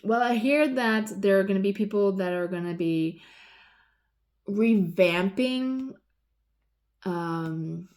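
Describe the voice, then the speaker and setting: A woman in her forties ranting casually, rambling and swearing, losing her train of thought and swinging between loud exasperation and low muttering. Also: slow pace, long pauses. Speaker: vlogger. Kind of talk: casual rant.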